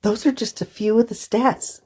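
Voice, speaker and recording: A woman's voice: on the high side, fairly even intonation, moderate pace, darkish tone, slightly rough. A woman co-hosting a podcast conversation, a counselor who talks casually and acts out short quotes from her clients. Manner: conversational, tells anecdotes with acted-out quotes. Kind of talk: casual chat.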